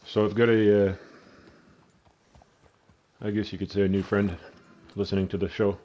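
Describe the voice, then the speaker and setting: A man's voice: lowish voice, level tone, normal speed, a little mellow. A man with a Canadian accent, telling a rambling, profane story while playing a game. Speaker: gaming vlogger. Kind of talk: casual storytelling over gameplay.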